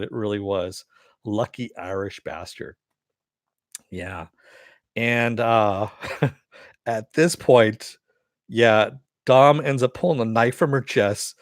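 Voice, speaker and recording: Man, casual TV recap, rambling, uh-filled, swears freely, mid pitch, dry close sound. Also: no echo. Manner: rambling, frequent "uh" and "you know", swears casually. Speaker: TV episode reviewer.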